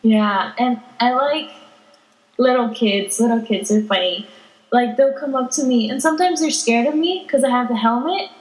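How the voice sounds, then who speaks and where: A teenage girl chatting casually as a podcast guest, giggling and telling animated stories. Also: fairly high pitch, moderate pace. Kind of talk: casual chat. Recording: echoey room.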